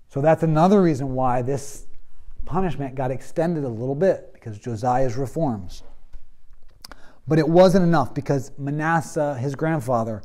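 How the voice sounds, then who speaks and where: Brief: male teacher, chatty storytelling lecture, warm dark tone. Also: medium pitch, normal speed. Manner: conversational storytelling with many fillers. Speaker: Bible teacher. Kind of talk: classroom lecture.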